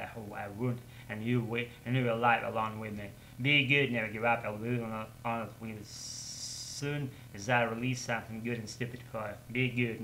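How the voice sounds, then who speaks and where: Vlogger, man, native Russian speaker, bright tone, rambling casual storytelling full of "uh". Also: mid-range voice, a little hiss or hum, rough recording. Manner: rambling, halting with many fillers and restarts, laughs often.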